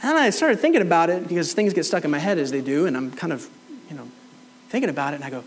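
Preacher, male, middle-aged, story-driven sermon with lots of pitch movement, slightly high voice, faint hum behind. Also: fast, low-quality recording. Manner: animated storyteller, acts out both sides of conversations. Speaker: pastor. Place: church hall.

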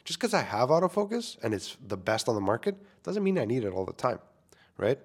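A man's voice: medium pitch, big pitch swings, brisk, husky. A young man, a filmmaker, talking casually into a microphone to his listeners, candid and self-deprecating, swearing freely. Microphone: studio microphone.

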